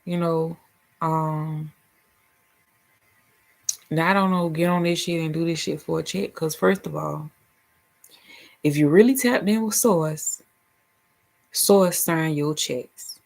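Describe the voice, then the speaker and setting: A woman's voice: sits low, takes it slowly, creaky, pauses often, darkish tone. A woman with a Southern US accent chatting casually and profanely about her spiritual life, laughing and slipping into silly voices. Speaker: vlogger and spiritual healer. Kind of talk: casual chat.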